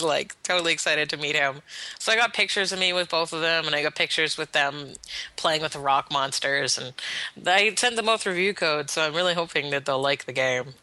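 A woman game developer chatting on a podcast, telling excited stories in a bubbly way. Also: lowish voice, no room sound, low-quality recording. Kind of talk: casual podcast chat.

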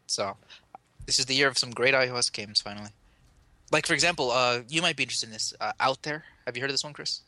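Podcast co-host, male, bright and forceful, eager rambler who fixes his slips on the fly, dry close mic. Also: mid-range voice, fast talker, dry recording. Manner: rambling, self-correcting, enthusiastic. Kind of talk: casual chat about games.

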